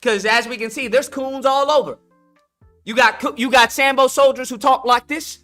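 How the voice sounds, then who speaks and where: A man's voice: very high voice, steady tone, moderate pace, bright, forceful tone, faint music behind. A man hosting a live call-in stream, blunt and emphatic, slangy, repeating his points for effect. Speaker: livestream host. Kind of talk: casual commentary with callers.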